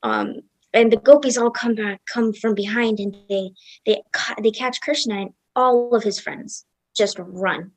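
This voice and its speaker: Young woman, devotional storytelling, casual and animated, dry close sound. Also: fairly high pitch, measured pace, no room sound, low-quality recording. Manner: casual and animated, acting out characters' lines. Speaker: satsang speaker.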